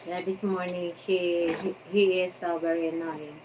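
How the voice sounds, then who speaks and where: Off-mic female co-host, soft and low, short answers, faint hiss. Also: level tone, normal speed.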